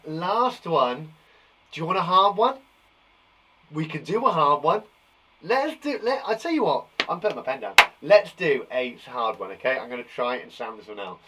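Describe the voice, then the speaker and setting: A man teaching young children a live phonics lesson, encouraging them warmly and sounding out letters slowly. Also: mid-range voice, rough recording. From England. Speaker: primary school teacher.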